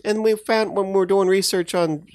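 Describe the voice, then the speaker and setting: A man's voice: high-pitched, steady tone, normal speed, a little mellow, dry recording, studio quality. A man from Tennessee hosting a podcast, rambling through jokey, profane stories in casual banter. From Tennessee, USA. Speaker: podcast host.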